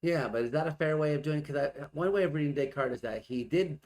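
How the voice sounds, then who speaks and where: A man's voice: fairly high pitch, fast, darkish tone. A man hosting a casual reaction, thinking aloud and puzzling over what he hears. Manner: muses aloud, questioning and puzzling over points. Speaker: host reacting to an archive video.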